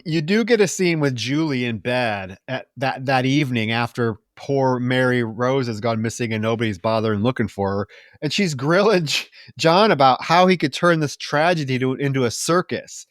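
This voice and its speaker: A man co-hosting a film podcast, recapping the plot in casual chat, animated and profane, laughing often. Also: medium pitch, no room sound, clean studio sound. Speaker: podcast co-host.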